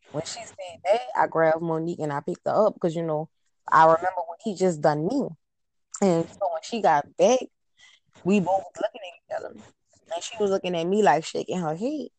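A woman telling her own life story as an interview guest, in casual, halting talk with frequent pauses and restarts. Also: fairly low pitch, no room sound, poor audio.

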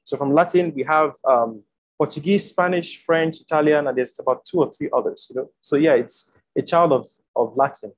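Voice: mid-range voice, moderate pace, low-quality recording. A preacher giving an online Bible teaching over a video call, repeating key words for emphasis.

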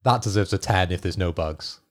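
Inquisitive man, lowish voice. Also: normal speed. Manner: inquisitive, asks follow-up questions. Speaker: podcast co-host and editor. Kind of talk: casual gaming chat.

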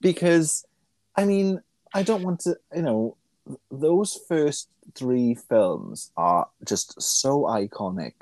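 A man's voice: mid-range voice, big pitch swings, slow, a little mellow. A man co-hosting a casual podcast, talking in a thoughtful, musing way that trails off and restarts. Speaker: podcast co-host. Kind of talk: casual chat.

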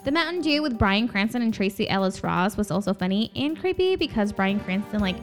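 A woman's voice: mid-range voice, sing-song, a little fast, soft background music. A young woman co-hosting a podcast, chatting casually and giggling, with lots of filler words. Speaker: podcast co-host. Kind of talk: casual chat.

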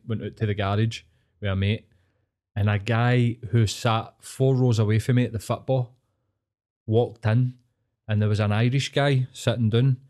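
A Glaswegian man co-hosting a podcast, chatting casually and telling stories full of swearing. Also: on the low side. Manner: sweary, animated storyteller. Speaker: podcast co-host. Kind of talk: casual storytelling chat.

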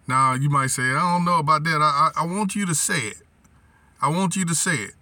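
A man delivers a weekly teaching sermon in a bright, forceful voice pitched a bit high. He leads the congregation in repeating phrases and quotes scripture, restarting words as he searches. The mic sits at some distance from him. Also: normal speed, no echo. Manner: repetitive, call-and-response, scripture quoting; restarts and stumbles while thinking. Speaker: pastor.

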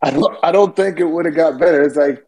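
Man, husky voice, mellow tone, laid-back casual podcast talk. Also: fairly high pitch, fast, rough recording. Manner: laid-back, many "like" fillers, swears. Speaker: podcast co-host. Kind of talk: casual chat.

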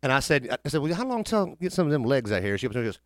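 A man with a drawl, spinning a comic story in a dry, close-miked room. His pitch sits in the middle of the range, and he jumps up into high put-on voices for the people he quotes. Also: very animated, fast talker, no room sound. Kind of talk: casual storytelling chat.

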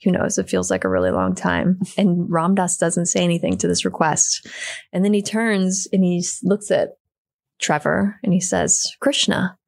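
A woman's voice: fairly low pitch, moderate pace, vocal fry, dry recording, studio quality. A middle-aged woman, a podcast guest, telling a personal story in casual conversation and acting out the people she quotes. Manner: lively storyteller, acts out quoted voices. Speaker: podcast guest, yoga teacher and therapist.

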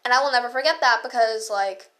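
A woman's voice: fairly high pitch, fast talker, bright, forceful tone. A teenage girl ranting in a casual storytime vlog, sarcastic and full of swearing.

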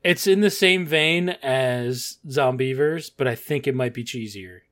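A man co-hosting a casual movie podcast, animated and laughing, swearing casually. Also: mid-range voice, unhurried. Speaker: podcast co-host.

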